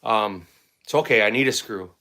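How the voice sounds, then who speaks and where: A man's voice: on the low side, normal speed, pushed and bright. A middle-aged man casually telling a rambling story to camera as host of a firearms channel, often repeating words.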